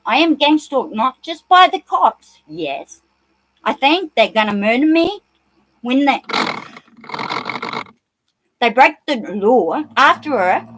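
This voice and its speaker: A woman's voice: a little high, a bit bright, no room sound, rough recording. A woman with a New Zealand accent, ranting agitatedly in a rambling monologue and swearing often.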